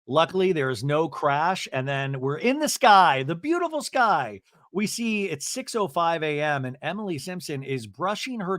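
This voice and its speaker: A podcast host with a fairly high-pitched male voice recaps a reality show casually and comically, acting out the cast's lines and swearing freely in an animated way. The recording is clean studio sound with no echo.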